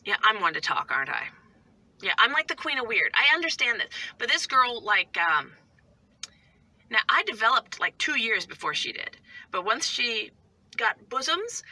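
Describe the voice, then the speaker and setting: A woman's voice: a little high, very animated, moderate pace, pushed and bright. A woman vlogger and mother chatting casually to camera, rambling and self-mocking with lots of asides.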